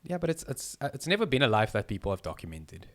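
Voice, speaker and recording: A man's voice: mid-range voice, sing-song, fast. A man co-hosting a podcast, telling stories animatedly between laughs. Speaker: podcast co-host. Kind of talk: casual chat.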